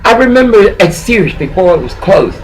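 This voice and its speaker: A woman's voice: mid-range voice, sing-song, normal speed, a little hiss or hum, rough recording. A woman talking to camera in a rambling, agitated, emotional monologue, swearing often and jumping from one thought to the next.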